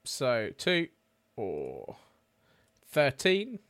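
Dude at a game table, middle voice, dry, rambly and excited. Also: male voice, mid-range voice, very slow, dry recording. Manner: animated, rambling with fillers. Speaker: player. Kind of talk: casual chat at a game table.

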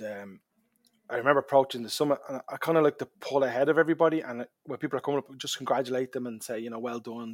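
An Irish man telling a long personal story as a podcast guest, lively, dropping to a murmur at quiet moments. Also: medium pitch, no room sound. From Ireland. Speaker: charity hike organizer, guest.

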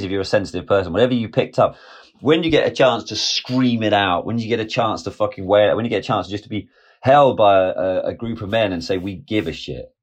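Low-voiced man in his forties, swearing freely. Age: 40s. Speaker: guest film director. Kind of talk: candid storytelling.

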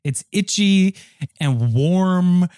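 A man co-hosts a comedy podcast, his voice sitting a bit high. He jokes in a goofy mock-announcer style, recorded dry and close. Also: expressive, drawn-out words, warm tone, clean tone, dry recording. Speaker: podcast co-host.

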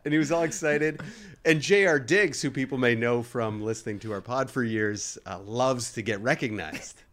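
A man co-hosting a podcast, telling an anecdote in animated casual chat and mimicking the people in it. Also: medium pitch, normal speed. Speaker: podcast co-host. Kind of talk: casual storytelling.

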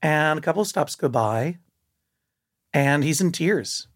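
A man telling a personal story in casual conversation, lively and full of restarts, jumping up in pitch for emphasis. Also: slow pace. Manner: animated, many restarts, jumps up in pitch for emphasis.

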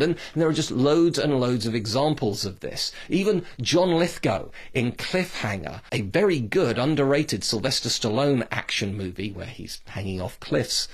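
A British man hosting a podcast, talking in a chatty, digressive, opinionated way. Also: fairly high pitch. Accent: British English. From Britain. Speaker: podcast host. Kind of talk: casual podcast monologue.

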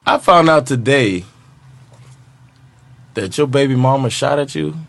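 A man whose first language is Swedish, co-hosting a casual podcast in English with relaxed, teasing storytelling. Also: medium pitch, unhurried, vocal fry. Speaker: podcast host. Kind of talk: casual chat.

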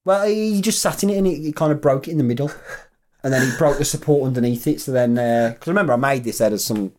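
A man's voice: medium pitch, quick pace. A young man co-hosting a podcast, telling stories in casual chat and swearing freely. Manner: animated, swearing storyteller. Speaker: podcast co-host.

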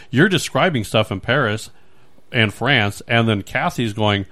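A man hosting a podcast, chatting casually in a rambling, animated way with many restarts. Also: mid-range voice, normal speed. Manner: rambling, animated, acts out little scenes. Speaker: podcast host. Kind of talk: casual chat.

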